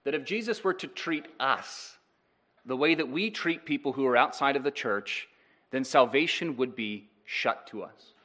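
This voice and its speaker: A man's voice: mid-range voice, normal speed, fairly bright tone. A male pastor preaching a sermon, earnest and direct, putting rhetorical questions to his congregation.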